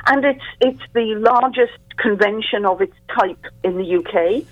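A woman from Wales with a Welsh accent, chatting as an interview guest with a self-deprecating humour and a deep, sultry morning voice. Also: measured pace, no room sound. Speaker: crime author guest. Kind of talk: casual interview chat. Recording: phone line.

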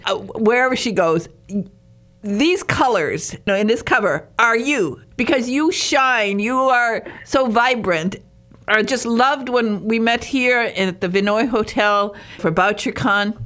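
A woman's voice: medium pitch, a little slow, fairly bright tone. A woman hosting an interview, talking in an effusive, complimentary way. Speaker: interview host. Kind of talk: casual interview chat.

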